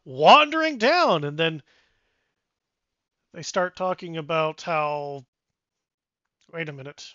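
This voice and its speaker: Bright, slow-paced man narrating as game master. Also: fairly high pitch, dry recording, highs cut off. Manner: animated storytelling with sound effects.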